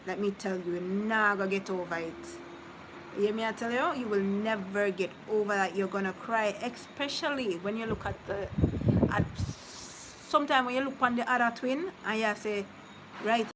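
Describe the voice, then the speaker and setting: Woman streamer, mid-pitched, chatty and consoling, noisy background, live vlog. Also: moderate pace. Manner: chatty, consoling then teasing, drifts between topics. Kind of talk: casual live-stream chat with viewers. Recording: noticeable background noise.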